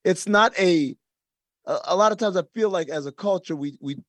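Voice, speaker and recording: In a relaxed conversation, a man whose voice sits high and fairly bright speaks at a moderate pace, earnestly laying out his opinions. He relies on comparisons to get his point across, and there is no echo.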